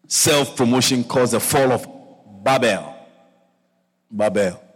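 A man preaching a sermon as a pastor. He talks in a playful, animated way and often repeats words and adds asides. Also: medium pitch, slow pace, slightly rough, big-room sound.

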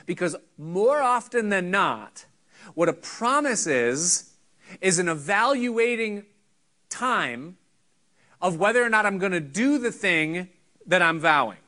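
A middle-aged pastor delivers a sermon in an earnest, conversational teaching manner, often pausing. His voice is fairly high for a man and sounds bright and forceful. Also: big pitch swings.

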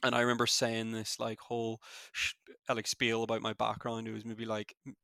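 A young man with a Belfast accent speaks in a flat, gravelly voice, his delivery quick and cluttered with fillers and restarts. The recording is dry and close. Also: on the low side, dry recording. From Northern Ireland. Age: young adult. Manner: fast-talking, many fillers and restarts. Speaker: former student guest. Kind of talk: casual interview chat.

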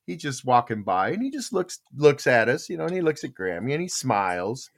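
An older man hosting a podcast tells a casual story in a brisk, medium-pitched voice, animatedly acting out the voices of the people in it.

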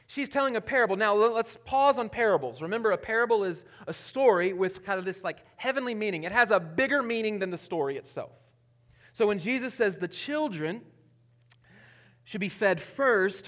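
High-voiced man preaching casually. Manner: casual, chuckling, self-interrupting with restarts; animated, swings between loud and quiet asides. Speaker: pastor. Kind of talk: conversational sermon.

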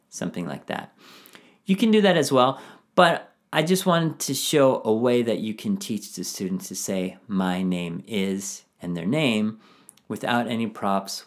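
A man who teaches English to young children, explaining his classroom method to other teachers in an animated way and modeling phrases slowly and clearly. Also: medium pitch. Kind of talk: instructional talk for teachers.

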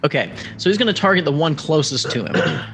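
A man's voice: a little high, sing-song, brisk, fairly bright tone, soft background music. A man playing a tabletop game, thinking aloud and hesitating as he describes his character's moves. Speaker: player. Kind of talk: casual tabletop play.

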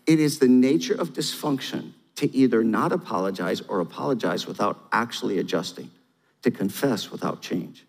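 A man's voice: mid-range voice, animated, fairly quick, creaky. A middle-aged man preaching, telling stories, asking the crowd questions and repeating key phrases. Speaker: pastor. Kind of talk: sermon. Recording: long hall reverb.

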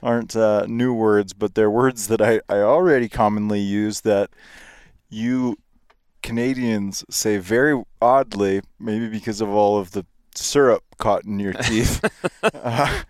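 A man's voice: on the low side, steady tone, unhurried, clean tone, dry recording, clean studio sound. Playful laughing podcast host, man. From United States. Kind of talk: casual chat.

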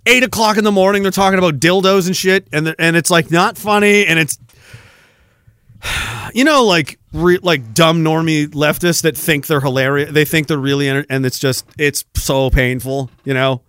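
Profane, high-voiced ranting man. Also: steady tone, moderate pace, smooth, dry recording, studio quality. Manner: profane, laughing, swings between shouting and low mumbling. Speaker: podcast host. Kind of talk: ranting solo monologue.

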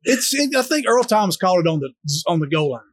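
High-voiced coach telling dry stories. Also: male voice, very animated, fast talker, no echo. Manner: rambling, self-mocking anecdotes. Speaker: football coach. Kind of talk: casual podcast chat.

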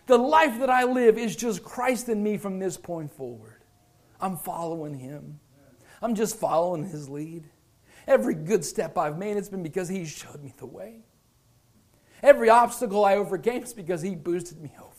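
A man in his thirties preaching a sermon, impassioned, swinging from loud declarations to hushed, quiet lines. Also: high-pitched, lively intonation, moderate pace. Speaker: pastor.

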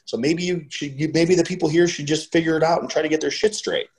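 A middle-aged man casually telling a story, swearing freely and getting animated when he quotes other people. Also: on the high side, quick pace, poor audio.

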